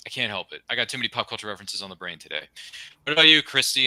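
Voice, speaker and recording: A young man co-hosting a casual fan podcast, gushing with enthusiasm and tossing in quick asides and pop-culture jokes. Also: mid-range voice, big pitch swings, bright, forceful tone, no room sound. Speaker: podcast co-host.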